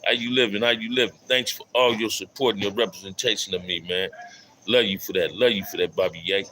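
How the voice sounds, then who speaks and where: A man's voice: fairly low pitch, fairly even intonation, a little fast, sharp tone, a little hiss or hum, rough recording. A middle-aged man hosting a casual livestream, reading chat aloud, repeating his phrases and calling out viewers in loose street slang. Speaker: livestream host. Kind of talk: casual live stream talk reading chat.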